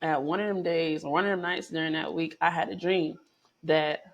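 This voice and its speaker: A woman vlogger chats straight to her viewers in a loose, profane storytelling style. Her voice jumps up in pitch and volume when she gets excited, then sinks low and quiet for asides. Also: moderate pace, dull audio. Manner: animated, profane, chatty storytelling with swings in pitch and loudness. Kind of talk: casual storytelling to camera.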